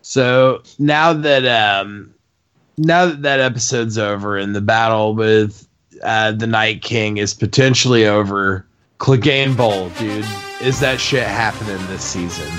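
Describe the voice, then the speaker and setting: A man's voice: fairly low pitch, unhurried, fairly bright tone, soft background music. A man co-hosting a casual chat, laid-back and profane, calling others dude and man. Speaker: podcast co-host.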